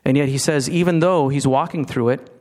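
This middle-aged pastor speaks a little fast in a slightly high voice with a darkish tone, preaching conversationally while tripping over restarts and questioning his audience.

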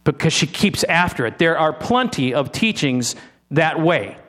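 A man preaching a sermon, teasing his listeners with rhetorical questions and slowing down to stress key words. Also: a little high, big pitch swings, a bit bright.

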